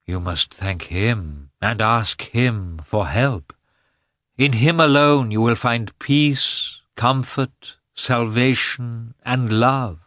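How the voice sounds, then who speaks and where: A man voicing a devout, ecstatic countess who speaks softly and fervently. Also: mid-range voice, slow, dry recording, studio quality, voice pushed up. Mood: fervent consoling. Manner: soft, fervent, sighing. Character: pious ecstatic countess, middle-aged, consoling and devout. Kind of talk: audiobook character voice.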